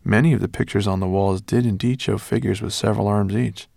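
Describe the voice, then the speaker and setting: A man narrating a children's fantasy novel in a measured storytelling manner. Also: fairly low pitch, fairly even intonation, gravelly, a little mellow, dry recording, clean studio sound. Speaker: audiobook narrator. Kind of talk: scripted narration.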